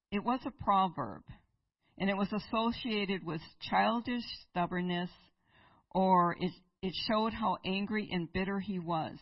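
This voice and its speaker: A woman's voice: medium pitch, no room sound, far from the mic, dull audio. A woman preaching in church, retelling a Bible story and asking her listeners rhetorical questions. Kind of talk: sermon.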